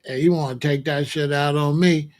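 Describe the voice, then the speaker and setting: High-voiced man on a profane comic rant. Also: steady tone, normal speed. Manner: loud, profane, mocking; slangy streetwise talk. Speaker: commentary host. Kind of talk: comedic rant.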